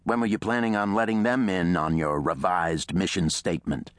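A man voicing an indignant old male professor who argues forcefully and emphatically, in an audiobook. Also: sits low, steady tone, moderate pace, no room sound, natural voice. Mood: wary.

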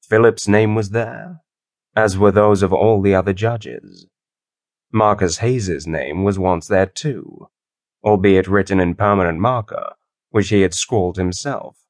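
A man narrating his own science-fiction audiobook in a measured, wry storytelling manner. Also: on the low side, no echo, clean studio sound. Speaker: author and narrator.

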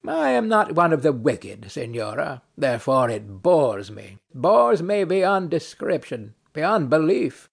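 A bored, ironic nobleman who lectures with dry mockery, voiced by a man reading a play. His speech is slow and gravelly, with a lively rise and fall. The voice stays fairly high for a man. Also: exaggerated voice. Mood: weary, brooding. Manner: dry, mocking, philosophical. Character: weary, ironic nobleman and duelist in hell. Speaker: audiobook narrator. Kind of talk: reading a stage play aloud.

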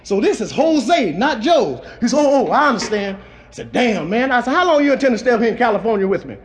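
A man's voice: very high-pitched, big pitch swings, rapid-fire, faint music behind. A man doing a raunchy stand-up routine, telling crude jokes and a rhyming jungle toast on an old live recording. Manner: bawdy storytelling with crude punchlines. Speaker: stand-up comedian. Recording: old live club recording, audience laughter audible. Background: audience laughter.

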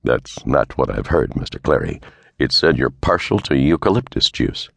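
Guy doing a wry noir private eye, very deep and gravelly, dry sound. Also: sing-song, moderate pace, fairly bright tone, dry recording, full character voice. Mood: sardonic. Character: cool, sardonic 1930s male private detective.

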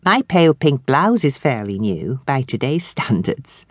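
A woman reading an audiobook, voicing a cheerful, excitable young woman who gushes. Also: very deep voice, a little slow, dry recording, full character voice. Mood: fond. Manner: gushing and exclaiming.

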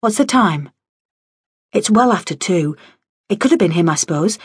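Woman voicing a brisk, daring young woman historian. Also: lowish voice, lively intonation, breathy edge, no echo. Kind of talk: audiobook character voice. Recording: dry studio audio.

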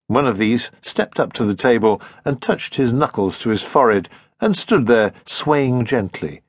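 A man narrating a historical novel in an expressive, husky voice. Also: medium pitch, moderate pace, dry recording, clean studio sound. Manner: expressive, varied reading. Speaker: audiobook narrator. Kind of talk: scripted narration.

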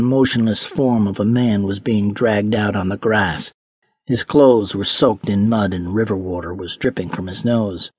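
A man reading a historical mystery audiobook in measured, dramatic narration on a close microphone. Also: mid-range voice, husky, no room sound. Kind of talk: scripted narration.

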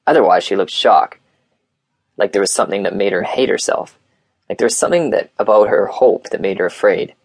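A man narrating an audiobook in a plain, steady reading voice on a close mic. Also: lowish voice, a little fast, no echo. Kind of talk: scripted narration.

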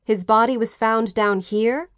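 A woman voicing a composed female former war nurse in an audiobook, with a crisp, dry manner. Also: a little high, a little slow, no room sound, close to an everyday voice. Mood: puzzled. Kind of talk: audiobook character voice.

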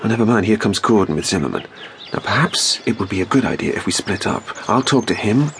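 A wry, unflappable time traveller in an audio drama. He speaks in a lowish register with dry, probing irony. A faint hiss sits under the voice. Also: animated, fast talker, gravelly. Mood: brisk, planning. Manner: dry, probing, lightly sardonic. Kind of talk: radio drama acting.

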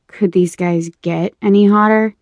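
A woman narrating a romance audiobook in the first person, with measured storytelling. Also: mid-range voice, fairly even intonation, darkish tone, no echo.

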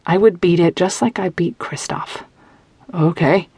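A woman narrating a young-adult novel in first person, close to a studio microphone, with measured, tense, intimate storytelling. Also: fairly low pitch, fairly even intonation, a little mellow, breathy edge, no room sound. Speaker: audiobook narrator.

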